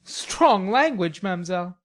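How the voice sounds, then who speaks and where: A woman reading an audiobook, voicing an idle, teasing young gentleman with drawling, mock-polite banter. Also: medium pitch, lively intonation, moderate pace, lightly acted. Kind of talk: audiobook character voice.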